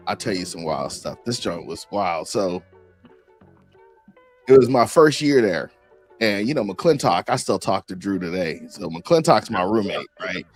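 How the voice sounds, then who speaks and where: A middle-aged man hosting a podcast, telling stories in casual chat and acting out the quotes with shouts. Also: medium pitch. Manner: animated, acts out quotes with shouts. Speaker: podcast host.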